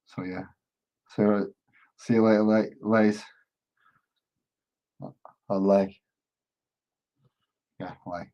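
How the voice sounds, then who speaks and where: A man's voice: on the low side, flat delivery, slow, long pauses, mellow, dull audio. A man casually chatting with his live-stream viewers while he paints miniatures, rambling and joking along the way.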